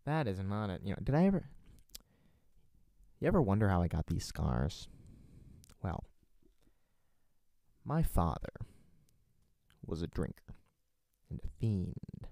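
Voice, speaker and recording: A man's voice: sits low, sing-song, slow pace, creaky, pauses often, mellow, dry recording, clean studio sound, full character voice. A man doing the Joker, drawling menace. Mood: menacing. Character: unhinged male villain, mocking and menacing.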